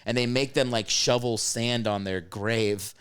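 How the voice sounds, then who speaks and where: A man's voice: medium pitch, fairly even intonation, measured pace, fairly bright tone, clean tone. A man hosting a podcast, telling a story in casual chat with swearing and bursts of laughter. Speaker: podcast host.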